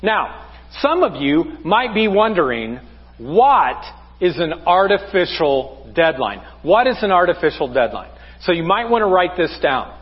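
A man's voice: on the high side, slightly rough, long reverb tail, muffled recording. A man preaching a conversational sermon as pastor, asking the congregation rhetorical questions. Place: church sanctuary.

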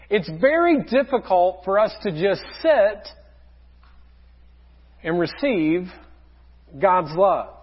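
A male pastor delivers a sermon in a high, earnest voice. He often sinks into quiet, tender asides. The recording is a little dull and muffled. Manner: earnest, with many soft low asides.

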